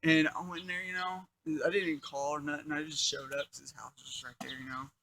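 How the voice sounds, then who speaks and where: A man's voice: a little high, level tone, fast talker, creaky, pushed and bright, a little hiss or hum, poor audio. A young man telling a crude life story in a casual, rambling, profane way, full of fillers.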